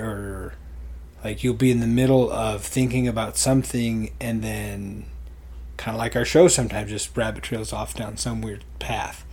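A man co-hosting a casual talk show, rambling in a relaxed way. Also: fairly low pitch, normal speed, breathy edge. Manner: relaxed and rambling, with lots of fillers. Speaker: podcast co-host. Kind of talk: casual chat.

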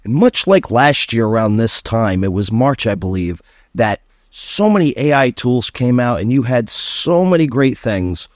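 A man hosting a casual solo podcast, talking in an animated, sarcastic ranting way. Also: medium pitch, unhurried, no echo, studio quality. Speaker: podcast host.

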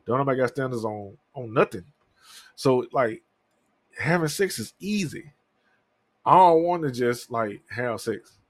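A man's voice: mid-range voice, animated, measured pace, long pauses, dry recording. Candid, profane man in his thirties. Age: 30s. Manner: candid, profane, rambling storytelling. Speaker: podcast host. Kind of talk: casual solo talk.

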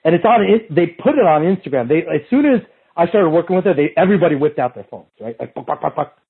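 A very husky, raspy male voice sitting a little high, coming through a thin, phone-like line. He tells a casual, swearing-heavy story as a hands-on coach. He jumps into the voices of the people in the story. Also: fast. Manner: animated and profane, acts out what others said. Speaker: strength and movement coach.

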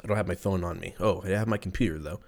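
A man's voice: deep voice, very fast, darkish tone. A man hosting a podcast alone, telling a rambling, profane, self-mocking story in a casual comedic monologue. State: in pain from a stubbed toe. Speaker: podcast host.

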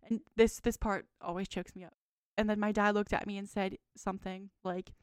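Casting note: twenties woman, podcast co-host, rambling storyteller, resonant clean voice, mid pitch. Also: flat delivery, brisk, hardly any pauses, clear, resonant tone, no room sound, clean studio sound. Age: 20s. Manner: rambling, frequent "like" fillers. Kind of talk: casual chat, reading a dream journal.

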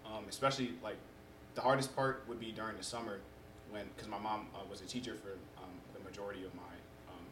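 Fast-talking young man, roomy sound. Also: lowish voice, a little hiss or hum. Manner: animated storyteller who acts out quotes. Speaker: podcast guest. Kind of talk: casual chat. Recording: roomy echo.

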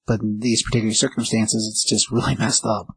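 A man's voice: fairly low pitch, flat delivery, a little fast, breathy edge, dry recording, poor audio. A man casually reviewing a comic book on a podcast, hesitant and thinking aloud as he talks. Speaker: podcast co-host.

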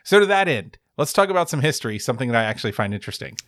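A man's voice: mid-range voice, sing-song, very fast, fairly bright tone, no echo, clean studio sound. A man co-hosting a sports podcast, chatting in a wry, rambling way and often correcting himself. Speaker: podcast co-host. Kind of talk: casual sports chat.

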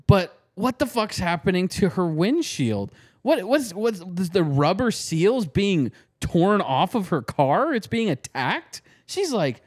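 Male host, slightly high voice, lively swearing storyteller, casual chat. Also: slow pace. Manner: profane, animated storytelling. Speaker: podcast host.

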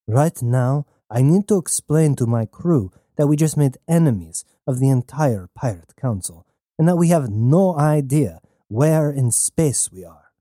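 A man's voice: medium pitch, animated, unhurried, dark tone, no room sound, clean studio sound, lightly acted. Man playing a stern, curt starship captain. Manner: commanding, curt.

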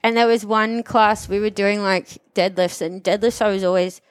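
A woman's voice: mid-range voice, steady tone, moderate pace, no echo. Woman chatting openly about her comeback, gets a bit emotional in the telling, dry close sound. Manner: candid, emotional, storytelling. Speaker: gym member telling her recovery story. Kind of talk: casual podcast conversation.

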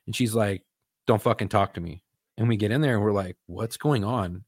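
A man's voice: lowish voice, brisk, dry recording, studio quality. A young man, a police officer and podcast co-host, telling a story in casual chat with lots of swearing and acted-out quotes. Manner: profane, animated retelling with quoted voices.

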